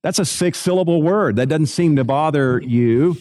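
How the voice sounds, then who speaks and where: A man's voice: a little high, normal speed, noisy background. A man who is a pastor, speaking conversationally, chuckling and acting out the reactions of the people he talks to. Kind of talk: recorded talk.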